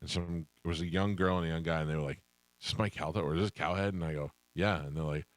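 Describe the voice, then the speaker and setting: A male radio host with a low, deep voice, spinning anecdotes in casual banter and slipping into the voices of the people in his stories. The sound is dry and close, from a studio microphone. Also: steady tone, quick pace, dry recording. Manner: storytelling, acts out voices in anecdotes.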